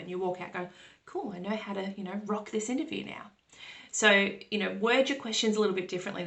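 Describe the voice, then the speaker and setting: A tarot reader hosts a casual question-and-answer podcast episode, explaining things reassuringly and often checking in with listeners. Her voice is medium-pitched, gravelly, and a bit bright.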